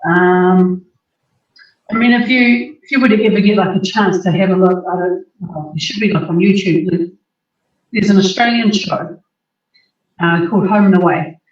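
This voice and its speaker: A woman's voice: fairly low pitch, fairly even intonation, normal speed. A woman with a New Zealand accent co-hosting a podcast, speaking hesitantly with many ums and likes. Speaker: podcast co-host. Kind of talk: casual podcast chat. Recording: dull, roomy, distant mic.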